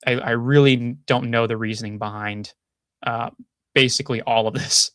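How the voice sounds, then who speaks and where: A man's voice: medium pitch, fairly even intonation, normal speed, a bit bright. A man hosting a casual commentary show, thinking aloud with frequent restarts and hedges. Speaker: podcast host.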